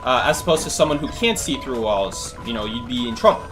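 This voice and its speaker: A man's voice: on the high side, sing-song, brisk, creaky, over music. A man thinking aloud through a live gameplay stream, answering chat questions with plenty of fillers and restarts. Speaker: game streamer.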